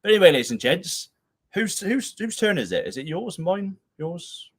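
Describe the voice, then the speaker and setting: A man's voice: high-pitched, sing-song, moderate pace, slightly rough. A man hosting a casual live-stream chat on a video call. He talks in a rambling way and laughs often. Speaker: show host. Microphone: camera used as webcam.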